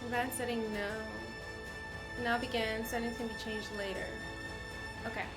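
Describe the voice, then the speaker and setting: A woman's voice: fairly high pitch, little pitch movement, moderate pace. A woman streaming a game live, chatting, reacting, and reading the on-screen text aloud. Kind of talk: live gameplay commentary. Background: game music and sound.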